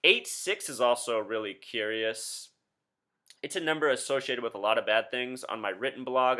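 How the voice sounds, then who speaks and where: A man in his thirties with a bright, forceful voice talks straight to his viewers. He is insistent and keeps throwing rhetorical questions at them, in the manner of a solo commentary video. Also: medium pitch. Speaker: video host.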